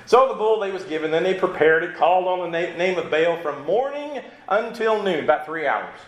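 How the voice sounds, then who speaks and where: A male preacher with a fairly high, very lively voice that rises and falls freely. He talks through his sermon conversationally and keeps tossing in rhetorical asides. The sound carries an echoey room around it. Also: a little fast, dull audio. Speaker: pastor.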